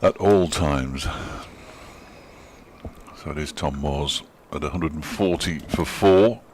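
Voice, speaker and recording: A middle-aged man co-commentating on cricket in a relaxed, dry, joking way from a commentary box. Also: rumbling low, slow, a little hiss or hum. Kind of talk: relaxed sports commentary chat. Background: faint crowd and ground ambience.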